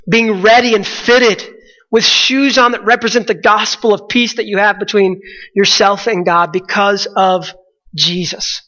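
Man, preacher, sermon, high bright voice, earnest, repeats phrases, dull sound, church hall echo.

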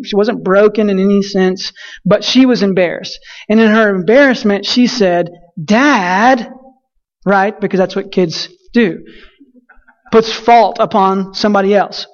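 Guy giving a chatty sermon, tells stories, lots of uhs, kinda dull muffled sound. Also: high voice. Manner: conversational, frequent fillers and restarts, storytelling. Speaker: preacher. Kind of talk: casual sermon with a personal story.

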